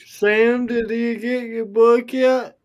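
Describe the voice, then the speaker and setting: A man's voice: very high voice, little pitch movement, slow pace, muffled recording. A man bantering and teasing the others in a casual chat.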